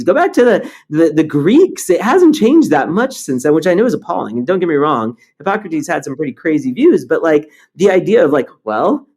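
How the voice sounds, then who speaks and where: A man, a startup founder, talking bluntly and with energy in an interview, swearing now and then. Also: a little high. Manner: animated and blunt, swears, tells stories with energy. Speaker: startup founder and CEO, guest. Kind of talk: conversational interview.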